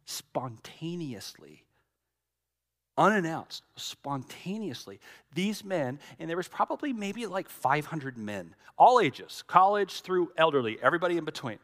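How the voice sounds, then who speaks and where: A middle-aged man, a pastor preaching a sermon with dramatic storytelling, swinging from loud to hushed. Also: a little high, sing-song, a little slow.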